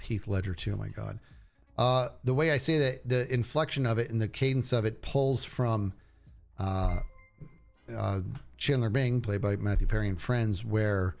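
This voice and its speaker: A man's voice: mid-range voice, a little mellow. Rambling man chatting on a livestream. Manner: rambling, self-interrupting, enthusiastic about shows. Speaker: streamer chatting with viewers. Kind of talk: casual livestream chat.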